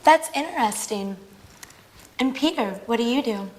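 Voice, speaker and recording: A young woman in a scripted language-course drama, eager for a night out and teasing her friend. Her voice sits fairly high and sounds bright and keen. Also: animated, unhurried, slight background noise, low-quality recording. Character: lively young woman visiting London, fun-seeking. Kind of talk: scripted sitcom-style learner drama.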